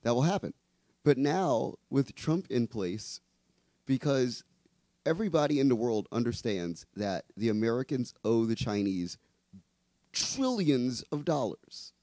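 Mellow-voiced man making emphatic points. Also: medium pitch, big pitch swings, measured pace, no echo. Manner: emphatic, explains at length with restarts. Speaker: host. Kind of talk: political talk show chat.

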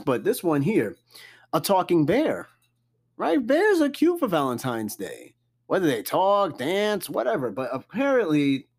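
Animated, joking male podcast host. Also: medium pitch. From New York. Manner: animated, cussing, jokey reactions to a list. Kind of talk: casual solo podcast.

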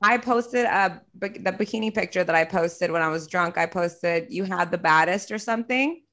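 A young woman in casual chat, telling a story with animated quoting and frequent swearing. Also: on the low side, moderate pace.

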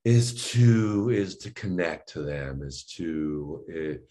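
A man's voice: deep voice, slow pace. A male voice and speech coach in an interview, explaining his sessions and acting out both himself and his client. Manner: animated, acts out both sides of a coaching dialogue.

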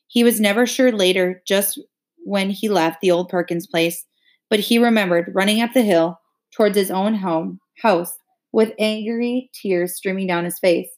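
Casting: woman narrator, expressive audiobook reading, mid-range voice. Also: medium pitch, moderate pace. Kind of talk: reading a novel aloud.

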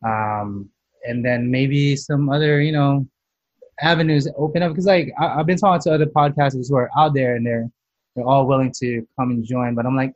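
A man's voice: medium pitch, normal speed, darkish tone, dry recording, highs cut off. A man hosting a casual food podcast as a chef, chatty and self-mocking, restarting his sentences often. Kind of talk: casual chat.

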